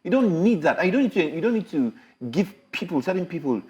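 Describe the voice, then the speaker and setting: A man's voice: high voice, fairly quick, lo-fi sound. A middle-aged man chatting on a talk panel, his voice rising and falling a lot as he makes his point. He talks animatedly and circles back over words when he gets going. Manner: animated, laughing, repeats words when excited. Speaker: actor guest. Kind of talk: lively panel chat.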